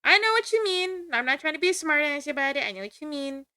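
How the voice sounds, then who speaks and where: A woman's voice: sits high, lively intonation, fast talker, pushed and bright, no room sound, studio quality. A young woman streaming from home, chatting casually with her chat, play-acting anger and laughing often. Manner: playful mock-angry banter with frequent laughs.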